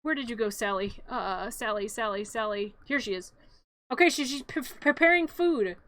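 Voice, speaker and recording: A woman's voice: a little high, animated, moderate pace, fairly bright tone. A woman streamer narrating a cartoon in a playful, rambling, giggly way, often correcting herself.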